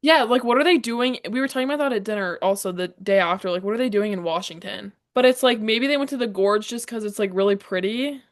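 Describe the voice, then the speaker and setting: A young woman co-hosting a casual podcast. She talks fast and rambles from one story to the next, at a mid-range pitch. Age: young adult. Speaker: podcast co-host. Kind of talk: casual chat.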